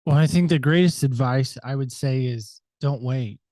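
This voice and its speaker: A man's voice: mid-range voice, normal speed, no room sound. A man from the United States, a podcast guest, talking reflectively and at length. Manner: talkative, reflective, varies loudness a lot. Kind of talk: reflective interview talk.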